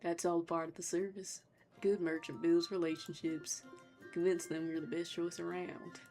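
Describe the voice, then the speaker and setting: A boisterous male dungeon merchant in a video game, drawling in a put-on Southern way, as a woman acts him out. He talks in a brash, self-selling patter, pitched a little low, with game music playing softly behind. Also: flat delivery, normal speed, close to an everyday voice. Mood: salesy.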